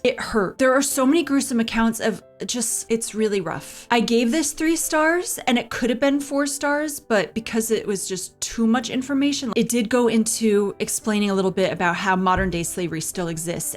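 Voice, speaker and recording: A woman talking earnestly through her book reviews, often sighing and repeating herself for emphasis. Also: mid-range voice.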